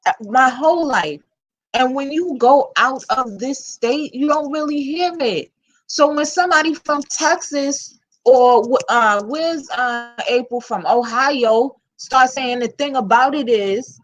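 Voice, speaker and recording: A woman's voice: high voice, unhurried, rough recording. A woman with a New York accent hosting her own vlog, talking bluntly and candidly in casual slang-filled commentary. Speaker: channel host.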